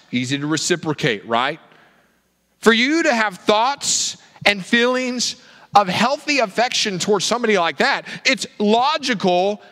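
A male pastor preaching a sermon, animated and full of rhetorical questions. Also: high-pitched. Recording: reverberant hall.

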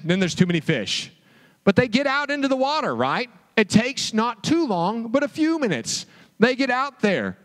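A man preaching a sermon as a pastor, telling the story in an animated way and asking the listeners rhetorical questions. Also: sits high, long reverb tail.

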